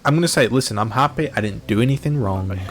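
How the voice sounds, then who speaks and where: A man's voice: mid-range voice, fast talker, crowd noise. A man giving casual, chatty commentary to his viewers while streaming a video game. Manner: chatty, joking asides to chat.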